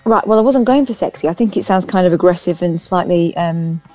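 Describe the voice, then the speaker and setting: A woman's voice: lowish voice, a little fast, dark tone, soft background music. A woman co-hosting a radio show, reading out news stories with dry, sarcastic asides. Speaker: radio co-host. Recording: muffled radio studio sound.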